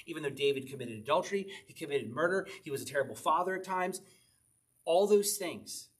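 A man leading an evening Bible study as pastor, reading psalms aloud and explaining them in a loose, conversational way, often laughing. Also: on the high side. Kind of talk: informal Bible study teaching.

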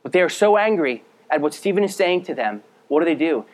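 Male pastor, slightly raised voice, earnest sermon delivery, direct address, drops quiet for weight. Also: lively intonation, fairly quick. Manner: reads scripture aloud, then explains it; drops to a low, quiet voice for emphasis.

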